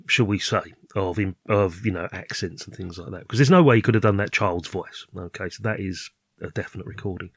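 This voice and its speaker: A man hosting a podcast in casual film chat, rambling and hesitant, often trailing off softly. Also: deep voice, breathy edge, no room sound, studio quality. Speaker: podcast host.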